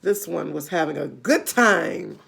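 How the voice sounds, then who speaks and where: A woman reading a children's storybook aloud with expressive delivery and her own asides. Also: low voice, unhurried, gravelly. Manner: expressive, adds gasps and asides.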